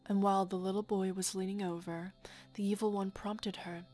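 A woman reading a fairy tale aloud in a soft, often half-whispered voice. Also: mid-range voice, flat delivery, moderate pace, soft background music. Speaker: storyteller.

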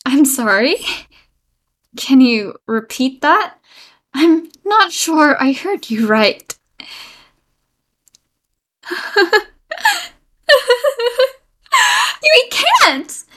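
A woman's voice: high voice, sing-song, takes it slowly, a bit bright, exaggerated voice. A woman acting an obsessive, unstable young woman in a listener-directed audio role-play, pleading sweetly and then turning menacing. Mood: unhinged, menacing. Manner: sweetly pleading, swinging into menacing outbursts and nervous laughs.

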